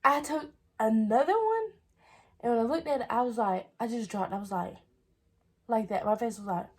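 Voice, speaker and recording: Young woman vlogger, AAVE, husky tone, rambling "I was like" storytelling. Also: on the high side, animated, normal speed. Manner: chatty, repeats "I was like". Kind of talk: casual storytelling.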